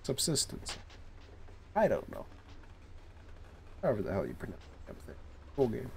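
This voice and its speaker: A man giving casual, thinking-aloud commentary while playing a train dispatching game, low-key and a bit sleepy. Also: wildly swooping pitch, moderate pace, creaky, warm tone, slight background noise. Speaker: streamer.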